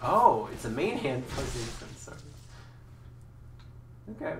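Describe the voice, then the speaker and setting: A woman streaming a game with casual commentary, excitable and swearing, breaking into mock-angry yelling. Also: rumbling low, slow, noisy background. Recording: roomy with faint background music.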